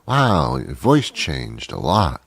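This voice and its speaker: A man's voice: extremely low pitch, wildly swooping pitch, slow pace, vocal fry, a bit bright, slightly rough, dry recording, clean studio sound. A man hosting a talk show, rambling sarcastically through a comic monologue with many asides. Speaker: radio show host.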